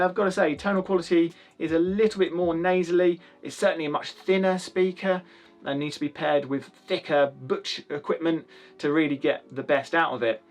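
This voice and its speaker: A man from the UK giving a chatty, rambling spoken review of hi-fi speakers, with lots of restarts and fillers. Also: fairly high pitch.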